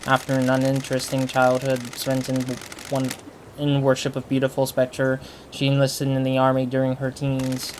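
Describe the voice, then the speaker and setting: A man voicing a solemn guiding presence in a game, reading a file in a slow, monotone put-on accent. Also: mid-range voice, a little hiss or hum, natural voice.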